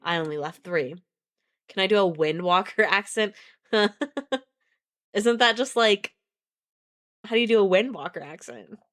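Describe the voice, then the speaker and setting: A woman's voice: mid-range voice, measured pace, long pauses, a bit bright. A woman reading a novel aloud on a live stream, breaking off to chat casually, laugh and swear at her viewers. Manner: casual, swears and laughs between read passages.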